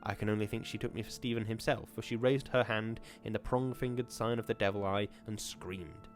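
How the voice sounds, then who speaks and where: A man's voice: on the low side, fairly even intonation, soft background music. Man narrating a horror story. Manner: measured, period-formal narration. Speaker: podcast host reading a story. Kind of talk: reading a horror short story aloud.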